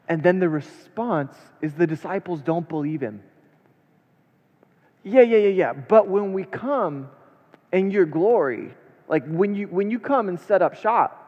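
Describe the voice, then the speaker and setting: Preaching man in a reverberant church. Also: on the high side. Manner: reads scripture aloud, then explains with rhetorical questions; swings between hushed and emphatic. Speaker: pastor. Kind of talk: expository sermon. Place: church sanctuary. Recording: long church reverb, dull lo-fi sound.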